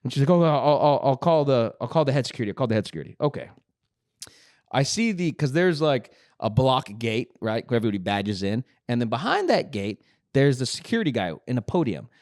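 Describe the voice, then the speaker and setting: Animated swearing storyteller man. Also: mid-range voice, brisk, no room sound, clean studio sound. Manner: animated, swearing, acts out dialogue. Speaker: podcast host. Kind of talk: casual storytelling.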